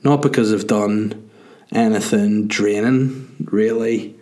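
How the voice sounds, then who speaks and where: A young man with a somewhat low voice hosts his own podcast. He rambles through casual, sweary, self-mocking chat full of fillers and sounds worn out. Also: fairly even intonation, slow, warm tone. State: tired. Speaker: comedian and podcast host.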